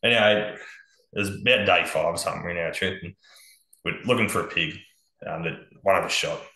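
An Australian man spinning yarns as a podcast guest, his voice bright and forward in a roomy space. He talks in a laid-back way, swearing freely and chuckling along. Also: low voice, brisk, gravelly. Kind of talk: casual storytelling on a podcast.

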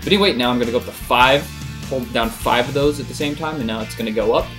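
A man's voice: medium pitch, fast, music in the background. Casual young man explaining a game trick. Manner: relaxed, many "uh" fillers, chuckles. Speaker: gaming video creator. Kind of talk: casual game tutorial over a replay.

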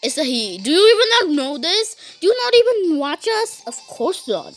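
A woman's voice: high-pitched, very animated, moderate pace, faint music behind. A woman giving playful gameplay commentary, bantering with cartoon characters, giggling and saying "beep" in place of swear words. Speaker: gaming YouTuber.

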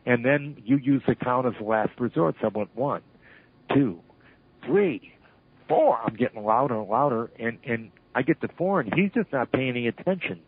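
An older man, a retired wrestling referee, telling animated stories in an interview and acting out the lines he quotes. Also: mid-range voice, a little fast, hardly any pauses, husky. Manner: animated storyteller who acts out shouted quotes. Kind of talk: storytelling interview. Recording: tinny phone line.

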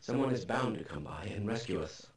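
A man's voice: lowish voice, expressive, a little fast, close to an everyday voice. A man voicing a stubborn, smug male scientist survivor in video game dialogue. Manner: smug, self-assured. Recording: echoey game audio.

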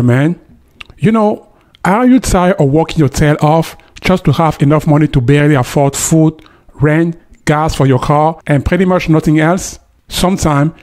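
A man's voice: on the high side, darkish tone. A man hosting a commentary video, talking straight to the viewer with emphasis. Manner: emphatic, addresses viewer directly. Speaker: host. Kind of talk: commentary monologue.

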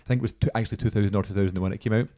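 A man's voice: on the low side, fairly even intonation, racing, warm tone. A man in his twenties hosting a podcast, chatting casually and rambling through anecdotes with lots of "like"s. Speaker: podcast host. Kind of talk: casual chat.

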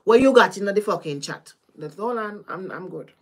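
A woman's voice: mid-range voice, normal speed, husky. Caribbean woman chatting on a live stream. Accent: Caribbean, Jamaican-style patois. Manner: chatty and animated, swears freely, laughs often. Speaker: tarot reader. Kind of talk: casual live-stream chat with viewers.

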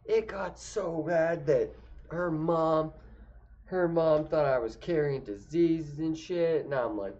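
A young man casually tells a funny personal story, rambling and cursing with lots of fillers and restarts. His voice is on the high side, slow and darkish in tone, and the recording sounds dull and lo-fi.

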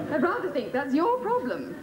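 An actress playing a crisp, dryly witty personal assistant in a studio sitcom. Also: female voice, high-pitched, very noisy, exaggerated voice. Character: dry, witty young woman personal assistant Emma. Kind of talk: 1980s studio sitcom acting. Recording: roomy studio.

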